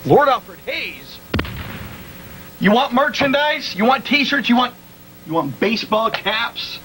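A man's voice: expressive, measured pace, bright, forceful tone, poor audio. A man hosting a wrestling show, doing brash, sarcastic mock commercials. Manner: brash, sarcastic pitchman delivery. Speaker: show host. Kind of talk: mock commercial reads and comedy bits.

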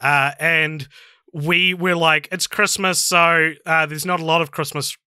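A man's voice: on the high side, fairly even intonation, a little slow, pushed and bright, clean tone, no echo. A man from New Zealand co-hosting a podcast, chatting casually with dry, teasing jokes. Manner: joking, rambling, dry teasing. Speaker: podcast co-host.

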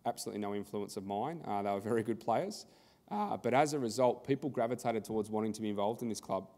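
Man, Australian accent, deeper voice, conference presenter, conversational storytelling, reverberant hall. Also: animated, fast talker, warm tone. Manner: conversational, tells anecdotes with acted-out dialogue. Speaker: workshop presenter. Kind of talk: conference workshop talk. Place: workshop room at a conference.

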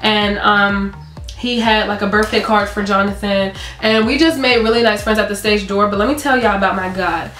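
A teenage woman co-hosting a vlog, telling stories in a gushing, excitable, casual way. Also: mid-range voice, normal speed. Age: teens. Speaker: co-host of a vlog channel. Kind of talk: casual chat. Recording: roomy echo, faint background music.

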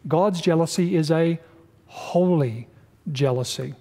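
Brief: male pastor, higher-pitched voice, emphatic class teaching, long church reverb. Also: slow pace, mellow. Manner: emphatic, asks the class questions. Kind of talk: Bible study lesson.

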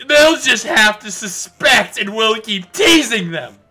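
A man's voice: sits high, lively intonation, slow, bright, forceful tone, faint music behind. A young man co-playing a visual novel on a stream, trading crude, teasing banter through frequent giggles. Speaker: co-player. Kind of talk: casual game-stream banter.

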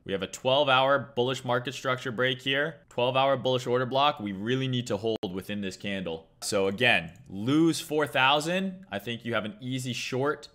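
A man's voice: mid-range voice, normal speed, few pauses, fairly bright tone. A man casually running a crypto trading live stream, breaking down charts, swearing freely and joking with chat, wired on coffee. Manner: profane, joking, reads chat aloud. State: hyped on caffeine.

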